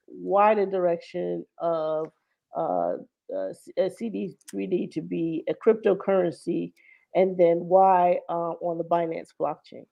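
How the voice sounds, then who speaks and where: A woman's voice: fairly low pitch, vocal fry, warm tone. A woman hosting a casual interview, chatty and stumbling over her questions with fillers. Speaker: host. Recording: dull lo-fi audio.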